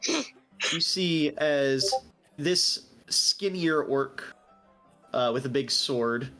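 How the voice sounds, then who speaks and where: A young man acts as game master narrating a tabletop game, playful as he tells the story and lightly voicing the characters, orcs included. His medium-pitched voice has a sharp tone and drawn-out words, with soft music playing behind him.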